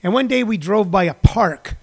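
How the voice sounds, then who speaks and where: A man in his sixties with a high voice, talking off the cuff on his daily livestream. He rambles and restarts his sentences, with lots of ums and uhs, in a loose, chatty monologue. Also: expressive, moderate pace. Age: 60s. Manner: rambling storyteller with many fillers and restarts. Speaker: comedian hosting a daily livestream.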